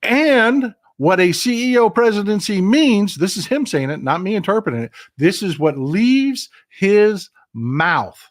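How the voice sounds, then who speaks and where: A man's voice: high voice, very animated, unhurried, few pauses. A middle-aged man from Texas hosting a political livestream, talking straight to his viewers in a casual, impassioned and emphatic way. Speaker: political commentary livestream host.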